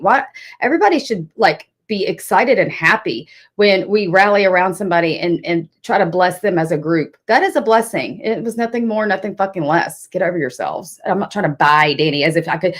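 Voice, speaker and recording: A woman hosting a casual livestream, chatty, answering her chat and swearing when annoyed. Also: medium pitch. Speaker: livestream host.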